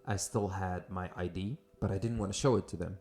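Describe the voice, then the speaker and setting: A man's voice: sits low, steady tone, fairly quick, a little mellow, soft background music. A man from Syria, hosting a podcast and telling a personal story casually, with many fillers and restarts. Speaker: podcast host.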